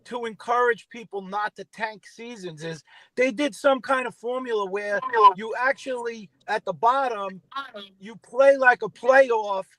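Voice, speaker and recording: High-voiced New York caller man. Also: measured pace, fairly bright tone, no room sound, poor audio. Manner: hesitant, conversational. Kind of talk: casual sports chat.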